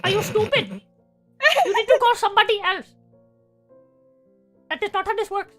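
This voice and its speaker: A woman putting on a high, loud, scolding voice with an Indian accent for an indignant male call-center worker. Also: moderate pace, faint music behind.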